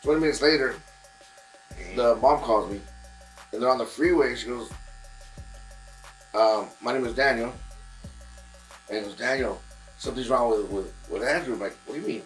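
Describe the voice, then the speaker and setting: A man's voice: medium pitch, moderate pace, pauses often, soft background music, poor audio. A man, a guest musician in casual chat in a barbershop, telling a long story with many fillers and restarts.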